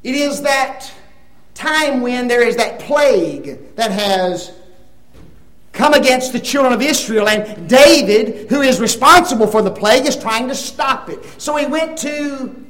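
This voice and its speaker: A man's voice: extremely high pitch, measured pace, reverberant, poor audio. An older man preaching a Bible lesson, telling stories, acting out dialogue and asking the audience questions. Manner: animated storytelling, acts out dialogue, asks the audience questions. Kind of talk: sermon.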